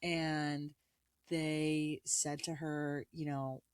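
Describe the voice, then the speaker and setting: A woman co-hosting a podcast, chatting casually and telling animated stories in which she acts out what people said. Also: low-pitched, extremely slow, smooth, dry recording, clean studio sound. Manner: animated storytelling, acts out quoted lines. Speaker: podcast co-host. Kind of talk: casual chat.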